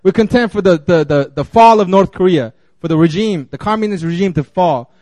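A man's voice: high voice, animated, brisk, darkish tone, dry recording. A man giving a casual, conversational sermon, full of fillers and restarts as he talks. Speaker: guest preacher.

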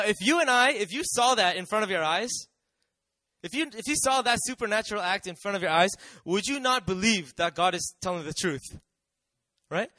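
A man's voice: high-pitched, pushed and bright, no room sound. A man preaching a sermon in a conversational way, often asking the audience questions and acting out quotes.

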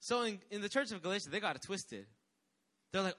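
A man's voice: high voice, lively intonation, fairly quick, sharp tone. A young man preaching a sermon with energy, calling on the congregation to respond. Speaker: pastor.

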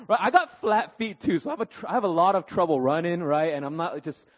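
Animated man telling stories in a hall. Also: high voice. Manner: animated, keeps adding "right?" and "okay?"; self-deprecating and jokey. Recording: dull recording with long hall reverb.

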